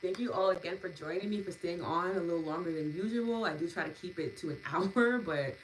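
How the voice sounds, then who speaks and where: A deep-toned woman winds down her live wellness stream, warm and effusive. She reads out viewers' comments and thanks them, laughing easily between her words. A faint hiss sits under her voice. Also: normal speed, few pauses, low-quality recording. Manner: warm, gushing, laughs often, lots of fillers. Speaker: EFT and meditation host. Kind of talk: live-stream wrap-up, reading chat comments.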